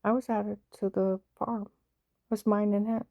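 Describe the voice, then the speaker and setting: Woman vlogger, indignant rant, gravelly dark voice, dry close sound. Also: medium pitch, flat delivery, unhurried, no room sound. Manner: indignant, emphatic ranting; stutters when upset. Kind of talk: angry personal monologue.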